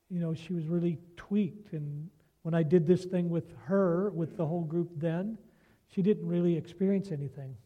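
A man's voice: sits high, highs cut off. A man preaching a sermon, telling a prayer story and reading scripture, earnest and often asking his listeners rhetorical questions.

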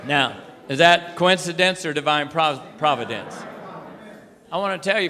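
A man preaching with a fairly high, bright and forceful voice. He tells his story animatedly and acts out each person he quotes. The sound rings with the long reverb of a big hall. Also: animated, moderate pace. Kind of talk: sermon storytelling.

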